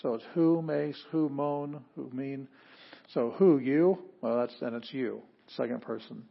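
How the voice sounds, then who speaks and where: A man's voice: medium pitch, measured pace, creaky. A man teaching Greek in a chatty lecture style, correcting himself and making joking asides. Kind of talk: classroom lecture. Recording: dull lo-fi lecture recording.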